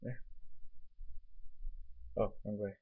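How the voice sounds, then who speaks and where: A young man rambling casually in a home vlog, swearing freely while getting over a nosebleed. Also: drawn-out words. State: recovering from a nosebleed, tastes blood. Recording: dull lo-fi webcam recording.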